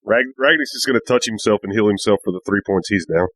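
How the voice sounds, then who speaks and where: A man's voice: on the low side, fast, fairly bright tone, no room sound. A man running a tabletop game in casual chat, explaining rules and teasing the players. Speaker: game master.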